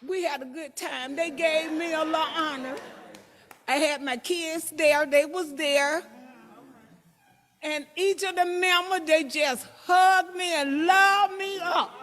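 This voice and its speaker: An older woman from Michigan giving an excited, emotional church testimony. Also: high-pitched, slow. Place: church assembly hall.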